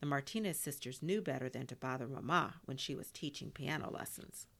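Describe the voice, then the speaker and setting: Low, gravelly woman reading a storybook. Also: brisk. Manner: expressive reading with Spanish words.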